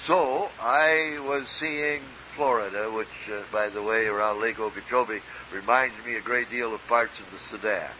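A man's voice: on the low side, moderate pace, hardly any pauses. An older man from Minnesota preaching a sermon in an earnest, emphatic way, with storytelling asides. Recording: dull lo-fi recording with faint hiss.

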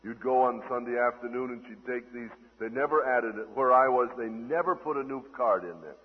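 A man preaching a sermon, swinging between loud declaiming and hushed, tender asides, heard on an old lo-fi radio broadcast. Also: mid-range voice, fairly quick, slightly rough, long reverb tail.

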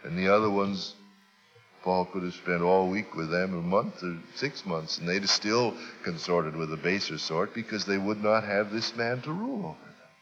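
Guy preaching a sermon, punchy bright voice, kinda muffled old tape sound. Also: deep voice, normal speed. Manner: emphatic preaching, rising to forceful peaks.

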